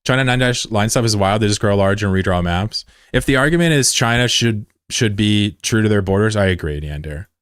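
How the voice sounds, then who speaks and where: A man streaming live, chatting bluntly and profanely with viewers, swinging between loud outbursts and low mutters. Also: brisk, hardly any pauses, smooth, no echo, clean studio sound. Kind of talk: casual live-stream chat.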